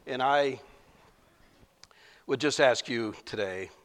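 A man's voice: medium pitch, slow pace. A male pastor giving a sermon, conversational and emotional, often laughing and saying "you know". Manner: conversational preaching with frequent laughs and fillers.

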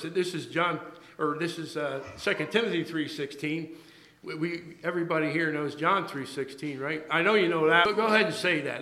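A man preaching a sermon to his church, halting and restarting his words, then pressing his points with emphasis. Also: a little high, bright, forceful tone, echoey room, rough recording. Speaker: pastor.

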